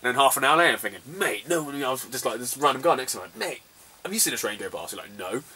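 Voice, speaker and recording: Brief: young man, chatty storyteller, bright forceful tone, a bit off-mic. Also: mid-range voice, very fast, distant mic. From England, southwest. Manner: laughs often, swears freely, animated retelling. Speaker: retro gaming vlogger. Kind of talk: casual storytelling.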